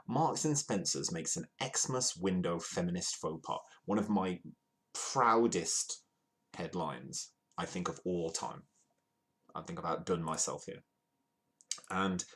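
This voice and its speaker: A man's voice: low voice, lively intonation, slow pace. A man from the UK hosting a live comedic news show, talking in a playful, rambling, self-mocking way.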